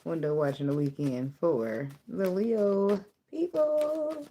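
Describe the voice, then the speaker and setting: A woman's voice: lowish voice, takes it slowly, background noise. A woman giving a casual tarot reading, blunt and profane, often breaking into laughter. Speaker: tarot reader.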